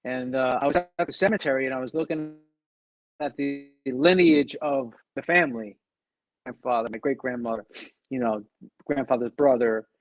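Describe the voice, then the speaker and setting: A middle-aged man telling a personal story as an interview guest, animated, acting out the people he quotes and often restarting his sentences. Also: mid-range voice, normal speed, lo-fi sound. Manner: animated, acts out quoted dialogue, frequent restarts.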